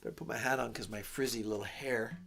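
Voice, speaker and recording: A man's voice: medium pitch, fairly even intonation, quick pace, gravelly, a bit bright, slight background noise. A man hosting a casual live stream, rambling and self-deprecating, often losing his train of thought. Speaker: livestream host and singer-songwriter.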